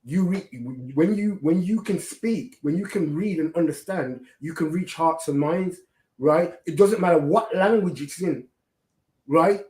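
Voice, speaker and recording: A man with a fairly high voice hosts religious commentary, preaching and often checking with "right?". His voice rings in an echoey room. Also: unhurried, a little mellow. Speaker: host.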